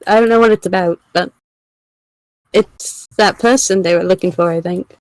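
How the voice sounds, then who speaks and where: A woman's voice: medium pitch, fairly even intonation, normal speed, dry recording, poor audio. A woman player in a tabletop game, talking casually and a little hesitantly.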